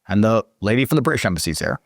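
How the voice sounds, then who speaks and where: Man, casual storytelling, swearing, lively swooping pitch, dry close sound. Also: rapid-fire, no room sound. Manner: profane, indignant, animated. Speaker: guest storyteller.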